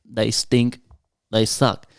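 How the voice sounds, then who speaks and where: A young man with an Australian accent, talking in a relaxed, profane, storytelling way. The recording is dry and close, with almost no room sound. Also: mid-range voice, takes it slowly, vocal fry, smooth, dry recording. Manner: laid-back, profane storyteller who laughs often. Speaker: podcast panelist. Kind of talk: casual chat.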